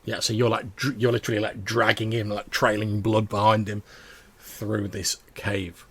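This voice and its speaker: A man with a low, husky voice narrating a tabletop game as its game master. His narration is loose and casual, full of fillers. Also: flat delivery, normal speed, a bit bright.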